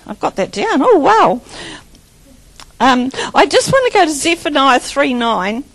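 A woman's voice: sits high, very animated, takes it slowly, a bit bright, poor audio. A woman preaching a charismatic sermon, fervent and chanting repeated lines, rambling with restarts and bursts of laughter.

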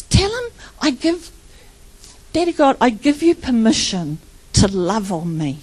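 High-voiced woman giving an emotional testimony. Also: poor audio. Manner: emotional, animated storytelling with laughs and tearful moments. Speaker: preacher. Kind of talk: personal testimony sermon.

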